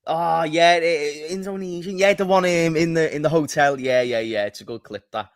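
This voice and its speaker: A man with a Scouse accent, co-hosting a football stream and telling stories in relaxed chat. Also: fairly high pitch, normal speed, no echo, clean studio sound. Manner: relaxed, chatty storytelling. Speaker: co-host. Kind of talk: casual chat.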